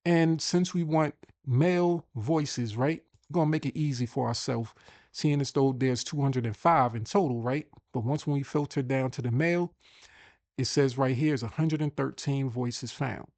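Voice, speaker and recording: A man's voice: mid-range voice, moderate pace, darkish tone, no room sound. A man hosting a casual screen-share tutorial, chatty and thinking aloud as he repeats himself. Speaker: host.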